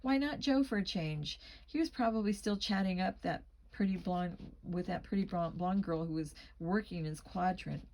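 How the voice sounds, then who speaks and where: With a fairly low, darkish voice, a woman narrates a first-person teen mystery novel as an amateur audiobook reader, subtly shifting her voice for dialogue. She reads at normal speed with few pauses, and the recording is rough.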